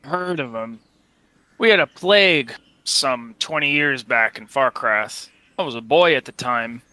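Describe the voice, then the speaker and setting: A man voicing a weathered male mercenary in a tabletop role-play, talking in a halting, folksy way with many pauses. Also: medium pitch, animated, pushed and bright. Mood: musing. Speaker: game master voicing a character.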